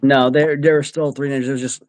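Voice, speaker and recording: A man's voice: medium pitch, flat delivery, fast. A man in his forties, a laid-back podcast host who chats about films and laughs easily. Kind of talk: casual chat.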